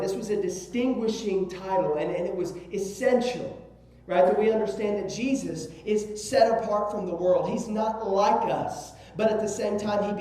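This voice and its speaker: A man's voice: high-pitched, warm tone. A man with a Southern US accent preaching a sermon as pastor, emphatic, repeating words and asking "right?" of his listeners. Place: church sanctuary. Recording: very echoey room, voice from a distance.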